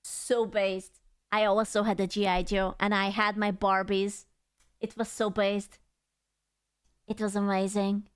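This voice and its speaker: A woman's voice: mid-range voice, little pitch movement, measured pace, long pauses, clean tone. A woman streamer giving casual, playful, teasing reaction commentary full of slang. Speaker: VTuber streamer reacting to videos.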